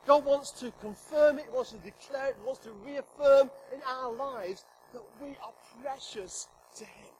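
A middle-aged man preaching in a church hall, his voice unusually high for a man. He jokes with the congregation and swings between loud emphatic declarations and soft whispers. A faint hum of room noise sits behind him. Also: moderate pace, hardly any pauses. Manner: humorous, emphatic, acts out God's voice. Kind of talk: sermon.

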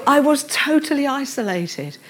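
A woman's voice: sits high, sing-song, normal speed. A middle-aged woman preaching a sermon, earnest and tender as she reads and explains scripture.

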